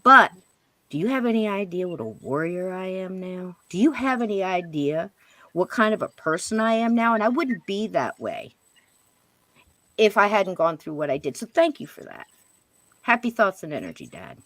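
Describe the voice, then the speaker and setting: Middle-aged woman chatting away, animated storyteller, voice goes up when she quotes folks, dry close mic. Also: moderate pace, no room sound. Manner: animated, jumps to higher pitch when quoting others. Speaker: podcast guest. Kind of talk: casual storytelling.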